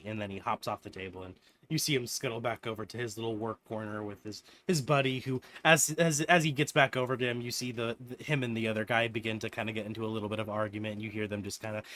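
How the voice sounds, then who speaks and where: A man narrating as game master of a tabletop game, relaxed and often laughing. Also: on the low side, quick pace.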